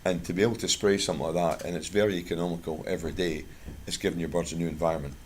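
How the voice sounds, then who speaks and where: A Scottish man, a guest speaker at a bird club, gives a chatty, plain-spoken talk that mixes product advice with anecdotes. His deep voice is steady in tone, a little mellow, and comes out rapid-fire. There's slight background noise.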